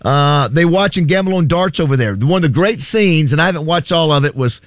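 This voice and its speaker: A man's voice: a little high, expressive, brisk, no room sound, lo-fi sound. A man hosting a casual radio show, chatting and reading listener messages in a rambling way. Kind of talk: casual morning radio banter.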